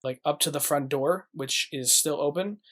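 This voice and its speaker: A man's voice: on the high side, moderate pace, a bit bright. A man narrating as game master of a tabletop game, rambling with many fillers.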